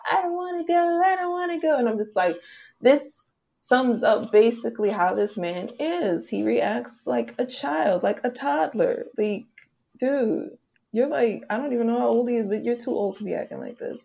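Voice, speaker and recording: A young woman chatting casually with friends, laughing often and telling animated stories. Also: on the high side, a little slow, vocal fry. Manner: laughing, animated storytelling with mimicked voices. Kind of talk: casual group chat. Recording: dull lo-fi audio.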